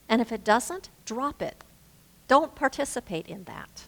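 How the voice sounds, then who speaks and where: A woman minister giving a gentle, reflective sermon, slowing down to stress key words. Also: fairly high pitch, big pitch swings, gravelly. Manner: gentle, reflective, with slow emphatic phrasing. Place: spiritual center sanctuary. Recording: reverberant hall.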